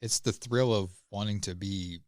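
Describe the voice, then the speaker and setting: A man co-hosting a podcast in casual chat, halting and hesitant as he talks. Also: on the low side, darkish tone, no room sound, studio quality. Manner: hesitant, many fillers and restarts, halting. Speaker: podcast co-host.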